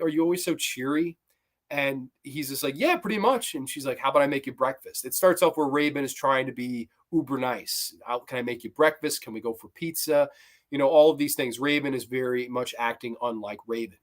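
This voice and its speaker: Male host, mid-pitched voice, loose rambling review talk, keen on the episodes he ranks. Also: fairly bright tone. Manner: rambling, enthusiastic, quotes scenes in loose voices. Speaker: host of a cartoon review show. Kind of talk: casual episode ranking commentary.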